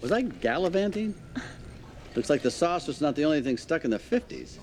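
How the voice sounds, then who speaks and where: A man's voice: fairly high pitch, big pitch swings, fairly quick, darkish tone. An actor playing a laid-back, wisecracking man who mentors a group of young heroes. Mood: joking. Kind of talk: film dialogue.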